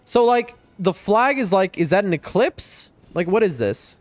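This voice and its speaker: Excitable male game streamer talking to chat. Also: sits high, a little slow. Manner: chatty, excitable, often addresses chat. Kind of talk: live gameplay commentary to chat. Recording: faint music behind voice.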